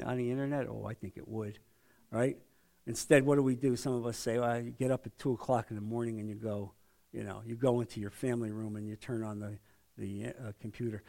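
A man's voice: mid-range voice, vocal fry. A man leading a men's Bible study, teaching in a conversational way and often asking the group rhetorical questions.

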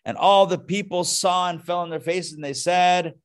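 A man's voice: moderate pace, smooth. A man teaching a text study class, reading verses aloud and breaking in with wry, joking comments. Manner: animated, jumps in pitch for emphasis. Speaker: Torah teacher.

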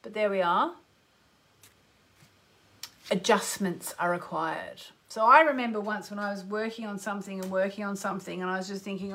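A woman's voice: moderate pace, fairly bright tone. A woman hosting a live astrology and card-reading radio show, chatty and gushing, greeting listeners by name and breaking into exclamations. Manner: exclamatory, with sudden upward leaps in pitch. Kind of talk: live radio call-in chat.

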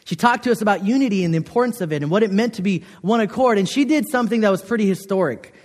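Young man, chapel sermon, earnest and conversational, lots of fillers, slightly higher voice, long chapel reverb. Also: racing. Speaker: chapel speaker. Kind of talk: chapel sermon with personal story. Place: college chapel.

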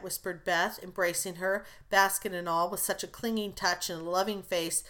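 A woman narrating a classic novel aloud in a smooth, expressive storytelling manner. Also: lowish voice, moderate pace, hardly any pauses. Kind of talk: audiobook reading of a classic novel.

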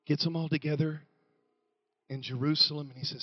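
A man preaching a comedic sermon, telling stories with animated quoted voices and building to shouts. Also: fairly high pitch, fairly quick, husky, no room sound, highs cut off.

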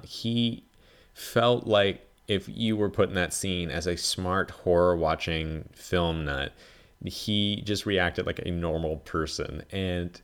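A man with a deep, low voice talks through a film in a loose, rambling monologue. He leans on "like" constantly and swears freely as he goes. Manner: rambling, heavy use of "like", frequent swearing. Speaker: podcast host. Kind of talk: casual film review monologue.

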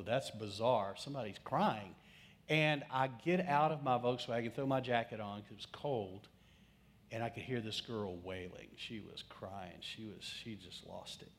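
A middle-aged male pastor preaching in a storytelling style, chatty and direct with his congregation. His voice sits in an ordinary middle pitch, rising with lively asides and dropping to a hush for the serious parts. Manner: conversational, swings from lively to hushed. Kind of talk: storytelling sermon.

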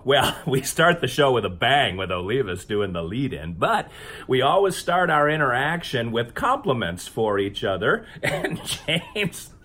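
A man co-hosting a comedy debate show, loud and excitable, a little tipsy as he jokes around. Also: medium pitch. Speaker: podcast co-host. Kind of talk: comedic banter.

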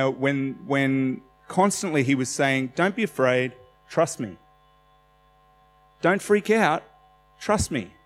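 Man preaching in a reverberant hall. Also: medium pitch. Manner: conversational, animated, laughs often. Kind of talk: sermon. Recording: hall reverb with faint music.

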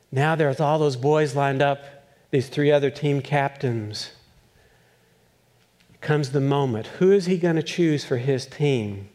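A male pastor preaching a sermon, telling a story with acted-out voices and chuckles, then asking animated questions. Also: medium pitch, measured pace.

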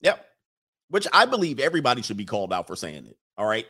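A man's voice: mid-range voice, very animated, fast talker, sharp tone, slightly rough. A man hosting a casual livestream, reading chat comments and giving emphatic opinions, often repeating phrases for effect.

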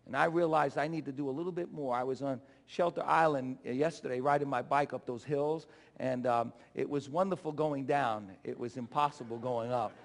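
A male pastor preaching a sermon with impassioned swings from shouting to low, urging the congregation to respond. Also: steady tone, moderate pace, vocal fry, hardly any pauses. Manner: call-and-response exhortations. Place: church sanctuary. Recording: long church reverb.

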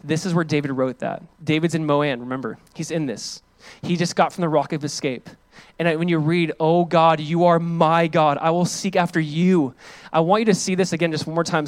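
Conversational pastor preaching with fervor. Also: male voice, a little high, fairly even intonation, fairly quick. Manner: conversational preaching, rising to loud emphatic scripture reading; calls on the congregation to join in. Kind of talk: sermon.

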